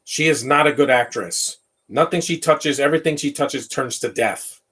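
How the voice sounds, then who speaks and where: A man's voice: medium pitch, normal speed, sharp tone, breathy edge, recorded from a distance. A man giving casual live film commentary, rambling and opinionated, often tripping over repeated words. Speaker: movie commentator.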